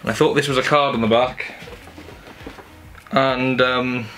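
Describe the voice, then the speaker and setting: A young man presents his Christmas haul at home in a casual, chatty, enthusiastic video while music plays under his voice. He speaks a little slowly in a mid-range voice with fairly even intonation.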